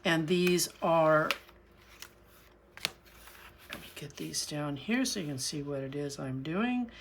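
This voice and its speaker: Middle-aged lady doing a slow chatty craft tutorial, lots of ums while she works. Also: lowish voice, fairly bright tone, slight background noise. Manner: chatty, with frequent fillers and restarts while working. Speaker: crafting channel host. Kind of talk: casual crafting tutorial narration.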